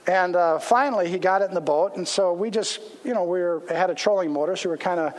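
A man's voice: high voice, quick pace. A man, a pastor, telling a casual anecdote as part of a sermon in a church. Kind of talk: storytelling sermon. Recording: long hall reverb.

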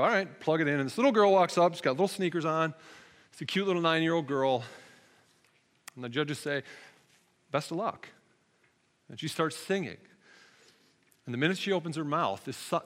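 A man in his thirties, a pastor preaching a sermon in a relaxed, conversational storytelling way, acting out his own lines. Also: on the high side, big-room sound. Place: church sanctuary.

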